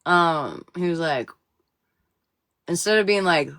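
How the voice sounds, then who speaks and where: A woman's voice: lowish voice, expressive, slow pace, a bit bright, no echo. A woman tells a casual, profane story on a live stream and laughs through it. Her voice sounds dry and close, with no room around it. She talks in a loose, chatty way. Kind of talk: casual anecdote.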